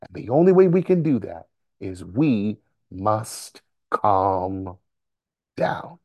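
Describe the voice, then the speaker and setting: A man preaching a fervent sermon to listeners on a conference call, repeating phrases and breaking into sudden shouts. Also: on the low side, lively intonation, takes it slowly, no room sound, muffled recording.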